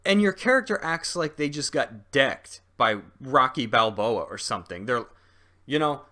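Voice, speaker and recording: A man's voice: medium pitch, lively intonation, moderate pace, bright, forceful tone. A young man talking through a video game in a casual review, rambling with lots of ums and restarts and a jokey streak. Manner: chatty and jokey.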